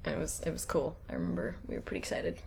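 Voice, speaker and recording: A woman's voice: sits low, sing-song, vocal fry, a little mellow, slight background noise. A woman chatting casually in an interview about making a film, giggling often as she talks. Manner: giggly, chatty, quick to laugh. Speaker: filmmaker interviewee.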